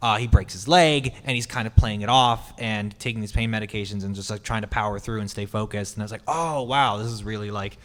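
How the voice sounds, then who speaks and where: Relaxed man speaking in a hall. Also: on the low side, fairly quick, hardly any pauses. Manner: relaxed, hesitant with fillers. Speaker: voice actor panelist. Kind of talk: convention panel storytelling. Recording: long hall reverb.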